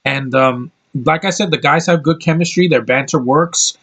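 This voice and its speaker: A man's voice: fairly high pitch, normal speed, creaky, a bit bright. An American man giving a casual, rambling film review, blunt and opinionated, swearing freely and restarting his sentences often. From United States. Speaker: movie reviewer.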